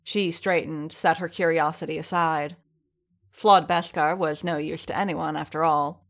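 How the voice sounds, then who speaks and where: A woman narrating fan fiction in a steady, measured way. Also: deep voice.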